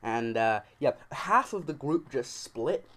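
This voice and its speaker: A man's voice: mid-range voice, animated, takes it slowly, fairly bright tone. A man casually telling a funny story on his video channel, cursing freely and acting out what people said. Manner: joking, profane, acts out quoted lines.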